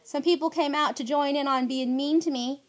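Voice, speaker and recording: A middle-aged woman with a drawl and a high voice records an aggrieved personal statement for her viewers. Her delivery is emphatic and pleading. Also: fairly even intonation, moderate pace. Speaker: vlogger.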